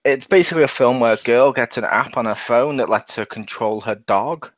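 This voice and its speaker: A man guesting on a casual review chat tosses in playful, joking asides at an ordinary middle pitch. The recording is dull and lo-fi, and it sounds dry and close. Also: fairly quick, no room sound. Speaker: podcast guest.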